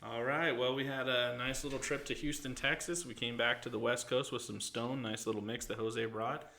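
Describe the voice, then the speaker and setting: Podcast host, male, bright forceful voice, loose rambling storyteller who laughs easily. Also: mid-range voice, steady tone, moderate pace, gravelly, slight background noise. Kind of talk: casual chat.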